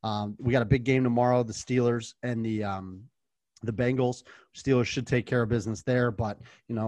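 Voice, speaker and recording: A man's voice: mid-range voice, steady tone, normal speed, darkish tone, no echo. American male co-host, dry close sound, easygoing sports banter. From United States. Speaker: podcast co-host. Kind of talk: casual sports podcast chat.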